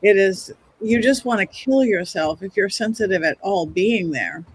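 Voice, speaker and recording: A middle-aged woman and psychic medium, telling stories on a podcast in a chatty, animated way, often restarting her sentences. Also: mid-range voice, moderate pace, husky. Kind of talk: casual podcast storytelling.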